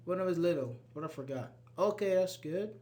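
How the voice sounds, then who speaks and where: Teaching grammar live online, this English teacher, a native Persian speaker, explains things step by step and keeps checking on his students. He speaks fairly fast in a high, warm voice with lively intonation.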